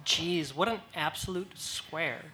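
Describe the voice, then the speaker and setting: A woman's voice: deep voice, takes it slowly, pushed and bright, full character voice. A woman playing a sardonic spaceship crew member in an improvised comedy. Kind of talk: improvised comedy role-play.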